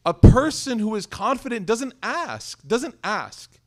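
A man in his thirties delivers a chatty, animated sermon, his fairly high voice swinging widely up and down. He keeps asking his listeners questions and slips into short acted-out dialogues to make his points. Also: brisk, few pauses. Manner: animated, conversational, asks the audience questions; acts out little dialogues in voices. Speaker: Islamic teacher. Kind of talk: lively sermon to an audience.

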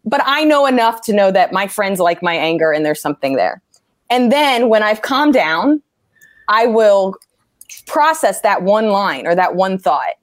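A woman comedian talking casually about writing jokes, animated and swearing freely as she acts out angry quotes. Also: medium pitch, a little slow, no echo, studio quality. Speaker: stand-up comedian. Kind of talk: casual interview talk.

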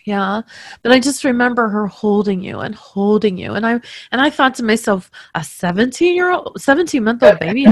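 A woman working as a medium, tenderly recounting a reading to the person she read for, emotional and halting. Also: mid-range voice, expressive, no echo, clean studio sound.

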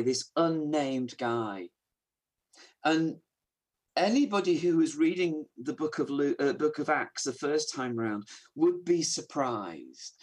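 A man preaching a sermon in an earnest, emphatic way, moving between hushed and raised delivery. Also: mid-range voice, husky.

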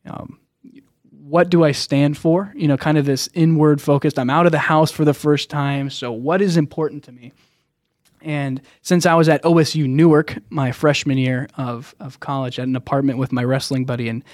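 A man's voice: mid-range voice, no room sound. Earnest young man, dry sound. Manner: earnest, rambling with restarts. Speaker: podcast guest. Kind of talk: personal faith story, casual.

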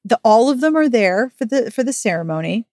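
A woman's voice: a little high, lively intonation, a little fast, a little mellow, dry recording, clean studio sound. A woman hosting a podcast, frankly and animatedly recapping a novel in casual chat. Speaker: podcast host.

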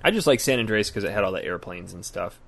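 A man's voice: lowish voice, expressive, quick pace, vocal fry. A man co-hosting a gaming podcast in loose, joking casual chat, often trailing off mid-sentence. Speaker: podcast co-host.

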